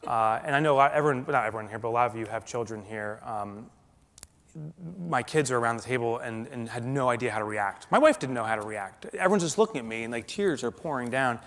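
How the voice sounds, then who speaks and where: A male keynote speaker telling a dramatic personal story to a live audience, swinging from loud and animated to hushed and slow. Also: medium pitch. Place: large conference hall. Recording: long hall reverb.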